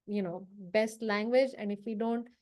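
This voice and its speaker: A woman's voice: mid-range voice, steady tone, moderate pace, darkish tone. A woman trainer giving a live confidence workshop, talking casually and checking in with her audience as she acts out short workplace lines. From South Asia. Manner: coaching, conversational, asks the audience for agreement.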